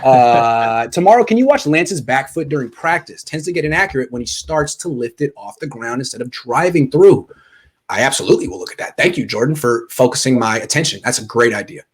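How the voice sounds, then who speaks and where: Fast-talking joking male sports host. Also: medium pitch, expressive. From United States. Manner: joking, reads viewer comments aloud. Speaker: podcast host. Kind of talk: casual live-stream chat.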